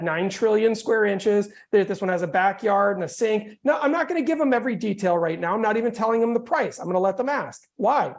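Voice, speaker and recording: A man coaching real estate agents on a video call, energetic and joking in a casual, conversational way. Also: high voice.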